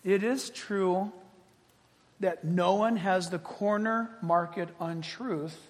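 A man preaching a sermon in an animated storytelling manner, often laughing as he talks. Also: sits high, slow. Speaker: pastor. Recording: long hall reverb.

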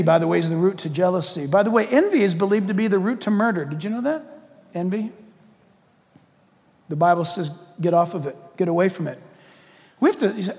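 A man with a high voice preaches a lively sermon, jumping between earnest exhortation and playful, acted-out asides. His voice rings out through a large hall with a long, trailing reverb. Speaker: pastor.

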